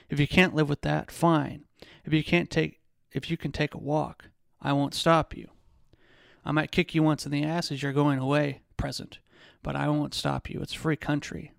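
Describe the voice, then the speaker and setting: A controlling man taunts and bullies in an even, calm voice, as a male reader voices him. The voice is gravelly with heavy fry and sits a little high, recorded dry and close. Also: no room sound. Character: menacing, controlling abusive man, cold and taunting.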